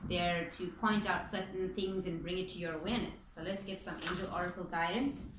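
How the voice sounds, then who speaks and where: A woman's voice: fairly low pitch, brisk, background noise. A woman giving a casual spoken tarot reading as its reader, chatty and informal, with the odd swear word. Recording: echoey room with faint ambience.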